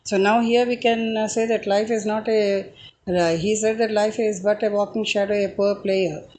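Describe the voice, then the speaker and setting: A woman giving a reflective spoken talk, hesitant and pausing often on filler sounds. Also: mid-range voice, fairly even intonation, a little mellow, low-quality recording. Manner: hesitant, with frequent filler pauses. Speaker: speaker giving a short talk.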